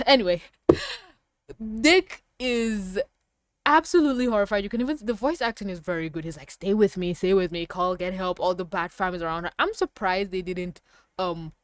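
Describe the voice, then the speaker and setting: A woman giving a casual review of a TV episode, rambling and excitable, with emphatic outbursts. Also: mid-range voice, no echo.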